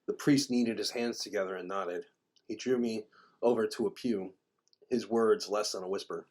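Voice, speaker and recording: A man reads his own dark fantasy tale aloud in the first person. His voice sits fairly low, and he trips and restarts on words now and then. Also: steady tone, moderate pace. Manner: first-person narration with small stumbles and restarts. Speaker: author reading his own fiction. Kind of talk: reading a fantasy story aloud.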